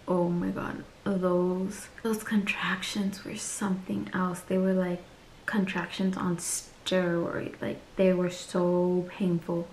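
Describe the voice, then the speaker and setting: A woman's voice: lowish voice, a little mellow, reverberant, a little hiss or hum. A woman vlogger telling a personal story in a candid, chatty way and acting out the people she quotes.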